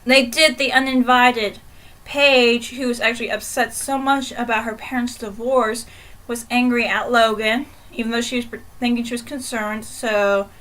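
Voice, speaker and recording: A young woman giving a casual, chatty book review in a vlog, animated and full of fillers. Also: fairly high pitch, low-quality recording.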